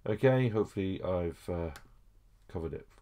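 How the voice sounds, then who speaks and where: A man's voice: deep voice, expressive, moderate pace, dark tone. A man teaching a French lesson over a screen recording, explaining each step patiently with frequent okays and small hesitations.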